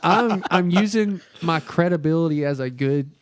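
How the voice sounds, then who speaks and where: A man's voice: a little high, noisy background. A man co-hosting a podcast in easygoing casual chat, telling stories that poke fun at himself. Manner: easygoing, quick to laugh, joking about himself. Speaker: podcast co-host.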